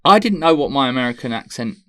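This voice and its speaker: A man's voice: medium pitch, expressive, fast, sharp tone, smooth, no room sound, clean studio sound. A man co-hosting a casual comedy podcast, telling anecdotes with bursts of laughter. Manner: chatty storyteller, bursts of laughter. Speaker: podcast co-host.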